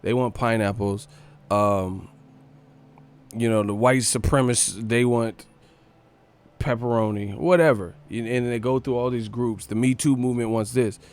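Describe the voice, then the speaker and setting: A man's voice: mid-range voice, steady tone, a little slow, smooth. Young male stream host, Northern California street accent, casual and jokey, mid-range voice. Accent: Northern California, Sacramento. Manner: loose and joking, reads chat aloud, laughs often, slangy. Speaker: host of a live boxing stream. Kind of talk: casual live-stream chat.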